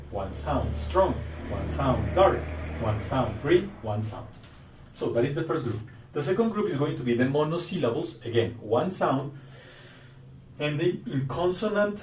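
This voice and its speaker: Man teaching grammar in an echoey room. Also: medium pitch. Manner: deliberate, explains step by step with repeated examples. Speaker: English teacher. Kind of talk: recorded grammar lesson. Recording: echoey room, mic at a distance, faint noise.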